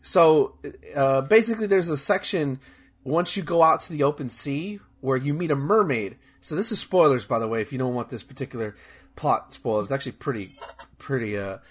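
A man's voice: mid-range voice, a little fast, breathy edge. A young man chatting casually as a podcast host, rambling and enthusiastic, with lots of fillers, restarts and swearing. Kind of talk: casual chat.

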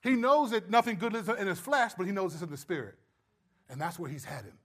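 A man preaching a sermon, stressing points loudly and then dropping to low, quiet asides. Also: lively intonation, fairly quick. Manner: emphatic, swings between loud stresses and low quiet asides. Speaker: pastor.

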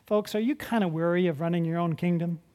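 A pastor delivers a sermon to a congregation in a lively, conversational manner. The preaching swings between loud emphasis and near-hushed asides, peppered with rhetorical questions. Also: mid-range voice, quick pace.

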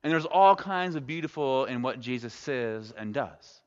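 Preaching in a mid-pitched voice at a normal pace, this male pastor tells the story in a relaxed, chatty way, slipping in wry jokes as he goes. His words ring with long reverb through an echoey church sanctuary, and the sound is dull and lo-fi.

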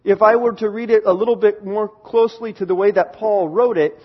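High, husky-voiced male preacher. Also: fairly even intonation, a little fast, hardly any pauses, muffled recording. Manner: explanatory, stresses key words, reads verses aloud. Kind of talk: sermon teaching from scripture.

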